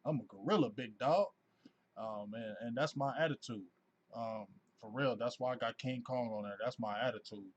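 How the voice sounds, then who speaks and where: A man in his forties hosting a casual sports fan livestream, talking in an animated, effusive way and reading out viewers' names. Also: mid-range voice, normal speed, muffled recording. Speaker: host of a sports fan live show.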